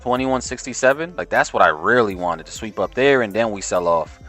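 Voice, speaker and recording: A man's voice: lowish voice, animated, fairly quick, fairly bright tone. A man giving casual, slangy live trading stream commentary and talking to his chat. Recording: faint music behind voice.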